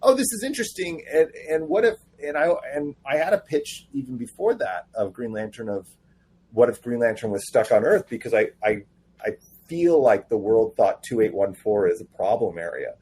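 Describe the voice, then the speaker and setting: A low, husky-voiced man tells stories animatedly in a relaxed podcast interview. He acts out other people's lines as he goes. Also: normal speed. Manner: animated storyteller, acts out quoted dialogue. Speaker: comic book writer guest.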